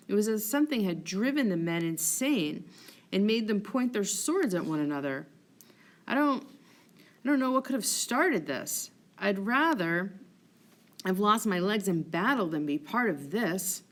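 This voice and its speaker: A woman voicing a scheming male ensign who speaks smoothly and feigns innocence. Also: mid-range voice, lively intonation, measured pace, natural voice. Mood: feigned innocence.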